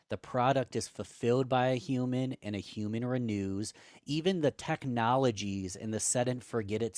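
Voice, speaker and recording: Slightly low guy, a bit hoarse, punchy coaching talk, dry close mic. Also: dry recording. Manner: energetic, emphatic coaching tone. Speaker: podcast guest. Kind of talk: conversational advice.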